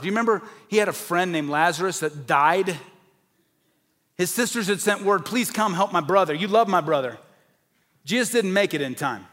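Preaching an evangelistic message, this man is emphatic, swinging between forceful highs and quiet lows. Now and then he mimics the voices of skeptics.

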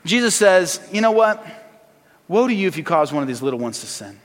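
A man preaching a sermon as pastor, swinging between loud emphasis and hushed, earnest asides. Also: high-pitched, very animated, brisk, big-room sound.

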